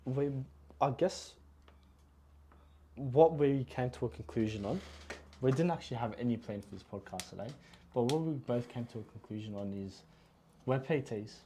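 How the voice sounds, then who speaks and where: A man's voice: medium pitch, normal speed, pauses often, warm tone, a little hiss or hum. A young man co-hosting a podcast, chatting casually with laid-back, jokey banter. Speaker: podcast co-host. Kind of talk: casual chat.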